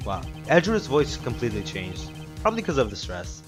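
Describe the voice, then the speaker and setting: A man's voice: medium pitch, huge pitch swings, fairly quick, over music. A young man casually commenting on a game he plays, with wry jokes and swearing. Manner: wry, joking asides, swearing. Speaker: let's play commentator.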